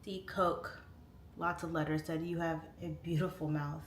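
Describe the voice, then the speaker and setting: A woman's voice: low voice, flat delivery, normal speed. Woman late 30s doing a chill livestream, reads chat, goes off on tangents, echoey room, a bit of hiss. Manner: chatty, laughing, goes off on tangents. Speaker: livestream host. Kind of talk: casual livestream chat reading comments. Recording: roomy echo, faint room noise.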